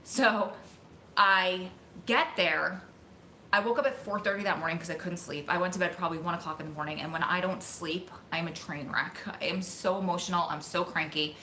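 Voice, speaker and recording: A woman vlogger telling a story to her viewers in an excited, emotional, rushing way. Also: lowish voice, slight background noise. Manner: excited, emotional, talks fast in bursts. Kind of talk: casual storytelling to camera. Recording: echoey room.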